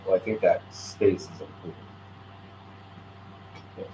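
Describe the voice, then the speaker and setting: A man chatting casually while he works on a craft, rambling and counting quietly under his breath. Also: sits low, unhurried. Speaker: vlogger crafting on camera. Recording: echoey room with clear background noise.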